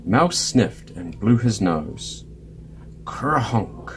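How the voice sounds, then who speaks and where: Slow, expressive man reading a picture book. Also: fairly low pitch, noisy background. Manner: slow and expressive, voicing each character. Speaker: storybook reader. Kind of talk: children's picture book read-aloud.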